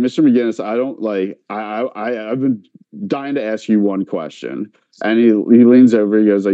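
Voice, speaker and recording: Animated storytelling man, dark dry voice. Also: lowish voice, dry recording, dull audio. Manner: animated, many filler likes, quotes others in voices. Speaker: podcast co-host telling a story. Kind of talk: casual storytelling chat.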